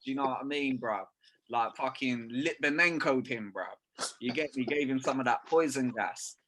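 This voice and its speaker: A man's voice: mid-range voice, moderate pace, fairly bright tone, slight background noise. A young man, talking football in a casual podcast chat, full of slang and swearing. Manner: slangy, swearing, keeps saying "bruv". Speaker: podcast co-host.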